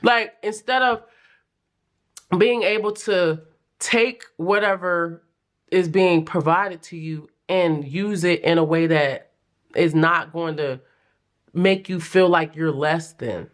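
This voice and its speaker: A young adult woman giving a casual pick-a-card tarot reading, chatty and animated, with playful slang and frequent laughs. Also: fairly low pitch, slow. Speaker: tarot reader.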